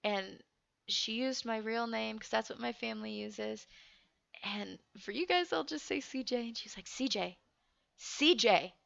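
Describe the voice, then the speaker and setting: A young woman telling a frightening personal story in casual talk, halting and shaky, swearing freely. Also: mid-range voice, vocal fry, a bit bright, dry recording. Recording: muffled dry recording.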